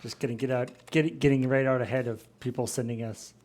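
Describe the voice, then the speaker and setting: A man's voice: mid-range voice, fairly even intonation, a little fast, darkish tone. A man co-hosting a stream, chiming in with wry joking asides in casual chat. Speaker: co-host.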